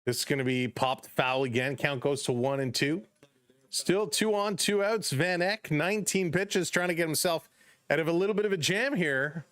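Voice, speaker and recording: Excited man calling a live game. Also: normal speed, no echo. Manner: chatty, greets chat viewers by name between pitches; gets loud and excited on big plays. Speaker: live stream play-by-play host. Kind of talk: casual live play-by-play commentary.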